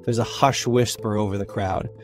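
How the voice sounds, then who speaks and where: A man's voice: on the low side, steady tone, normal speed, music in the background. A man narrating a tabletop game as game master, telling the story casually with plenty of fillers.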